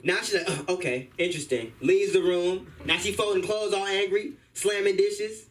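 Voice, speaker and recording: Slangy young-sounding comedian, distant mic. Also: male voice, high-pitched, level tone, normal speed. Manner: loose, rambling, slangy storytelling. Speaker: stand-up comedian. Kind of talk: stand-up set at an open mic. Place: comedy club open mic. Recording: distant room mic with faint hum.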